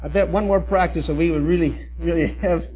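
A man's voice: a little high, steady tone, fairly quick, a little mellow, a little hiss or hum, rough recording. A man leading a group Bible study, explaining the background and directing the class through a reading. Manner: instructive, directing the group, with restarts and fillers.

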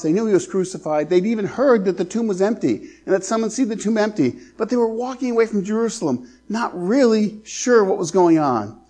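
A man preaching a sermon as pastor, earnest, slowing down to stress scripture. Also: sits high, darkish tone.

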